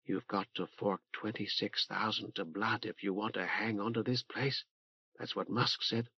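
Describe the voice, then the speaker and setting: A man's voice: mid-range voice, normal speed, no room sound, lightly acted. A man voicing a streetwise young woman who talks in a casual, confiding, slangy way. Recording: dull dry tape transfer.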